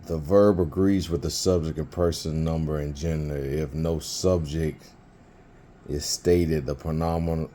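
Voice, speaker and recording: A man's voice: very deep voice, fairly even intonation, a little slow, warm tone, a little hiss or hum. A man teaching biblical Hebrew in an informal lesson, thinking aloud with fillers and restarts.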